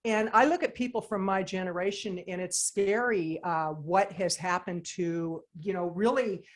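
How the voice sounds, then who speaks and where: A woman, a podcast guest talking in long, animated run-on sentences. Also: lowish voice, normal speed. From United States. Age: 60s. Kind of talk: casual chat.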